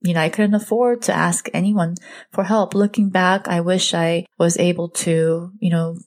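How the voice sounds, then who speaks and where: A woman's voice: lowish voice, steady tone, darkish tone. A woman in her thirties hosting her own podcast, telling a personal story in an earnest, confessional way. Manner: earnest, confessional, slows down on emotional points. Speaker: podcast host and blogger.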